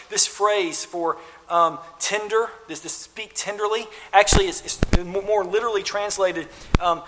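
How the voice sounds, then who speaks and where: A man's voice: high-pitched, fairly even intonation, brisk, a bit bright. A man preaching a sermon to his congregation, earnest, often repeating his phrases and swelling then dropping his volume. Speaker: pastor. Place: church sanctuary. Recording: long reverb of a large hall.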